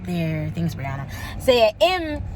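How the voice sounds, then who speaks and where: A woman's voice: on the low side, measured pace, a little hiss or hum. Chatty Jamaican woman vlogging on her phone. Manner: chatty, animated storytelling with patois quotes. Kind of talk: casual travel vlog.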